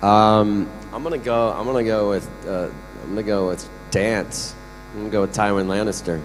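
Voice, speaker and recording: A man's voice: fairly low pitch, fairly even intonation, moderate pace, some chatter behind. A man answering fan questions on a convention panel, joking and laughing often. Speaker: guest actor on a convention panel. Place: large convention hall. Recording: echoey convention hall, faint hum.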